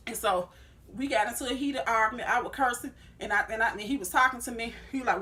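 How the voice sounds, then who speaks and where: Fast-talking bright woman in her thirties. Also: a little high. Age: 30s. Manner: heated, reenacts her own arguments with lots of "I said". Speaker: vlogger. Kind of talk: storytime vlog.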